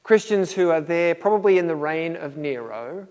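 A man's voice: fairly high pitch, lively intonation, normal speed, a little mellow, big-room sound. A middle-aged man preaching a sermon in a conversational way, acting out little dialogues with a chuckle. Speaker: pastor.

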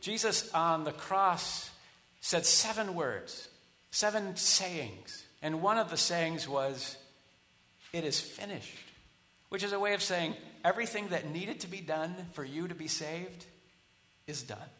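Conversational preacher in a reverberant hall. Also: male voice, fairly high pitch, lively intonation, slow. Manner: conversational preaching, swinging from quiet asides to loud rallying builds. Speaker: pastor. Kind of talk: sermon.

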